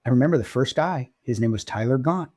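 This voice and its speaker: A man co-hosting a podcast, telling stories in casual chat and jumping up in pitch when he gets excited. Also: fast, no echo, clean studio sound. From Oregon. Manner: animated storyteller, pitch jumps when excited. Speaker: podcast co-host.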